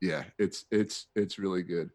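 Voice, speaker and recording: A man's voice: low voice, steady tone, unhurried, darkish tone. A man appearing as a guest on a podcast, speaking hesitantly with many fillers in casual chat.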